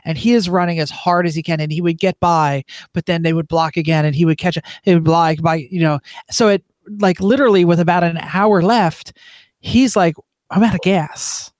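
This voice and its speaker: A man's voice: on the high side, fairly even intonation, moderate pace, no room sound, studio quality. A man on a racing team, a guest telling a long story in a casual, rambling way with lots of fillers. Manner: rambling, filler-heavy, restarts often.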